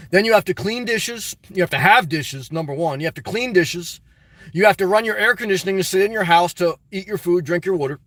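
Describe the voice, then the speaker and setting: A man live-streaming a casual vlog, reading comments aloud and answering them in an animated, repetitive, exclamatory way. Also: sits high, no room sound. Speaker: YouTube vlogger answering live chat.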